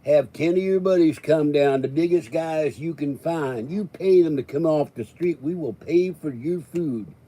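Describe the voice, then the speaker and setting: A man's voice: a little high, unhurried, hardly any pauses, warm tone. A man hosting a live stream, rambling and joking as he chats. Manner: joking, rambling, chuckling often.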